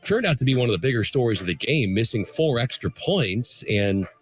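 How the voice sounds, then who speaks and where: A man with a mid-range voice delivers a quick radio sports update, rattling off scores in a steady news cadence. Faint music plays under him. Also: medium pitch, breathy edge. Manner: brisk, reads scores in a newsy cadence.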